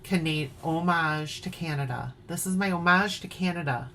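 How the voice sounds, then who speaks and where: A Wisconsin woman with an Upper Midwest accent playfully shows off her cross-stitch projects at home one night, chatting away and singing snatches of songs. Her voice sits low with a sharp tone at a normal speed, and there's slight background noise.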